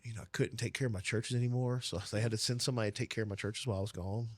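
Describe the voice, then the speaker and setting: A man, a pastor, speaking earnestly and reflectively as a guest in an interview, with many pauses and fillers. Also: on the low side, fairly even intonation, no echo. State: lives with lasting pain. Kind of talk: casual interview talk.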